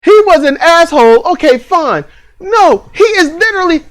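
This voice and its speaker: A man's voice: very high voice, big pitch swings, measured pace, fairly bright tone. A man co-hosting a casual review podcast, blunt and profane, ranting with lots of laughs. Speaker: podcast co-host reviewing a TV series.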